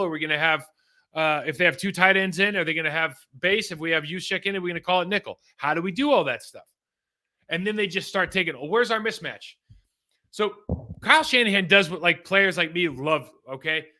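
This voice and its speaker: Bright-voiced ex-player breaking down game film. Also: male voice, on the high side, fast. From California. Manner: conversational and animated, with fillers like "man" and "like". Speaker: former pro football player turned analyst.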